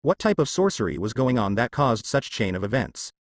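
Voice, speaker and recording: A man reads a fan-fiction story aloud, telling it in a steady storytelling manner. His pitch sits in the middle but moves lively up and down. The recording is dry, with no room sound. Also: a little fast, few pauses, dry recording. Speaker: narrator.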